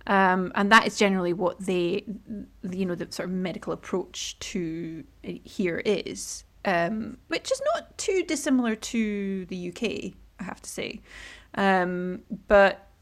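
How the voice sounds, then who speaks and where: A woman's voice: mid-range voice, a little slow. A woman hosting a podcast, speaking thoughtfully and casually with hesitant "you know"s. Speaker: podcast host. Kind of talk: casual conversation.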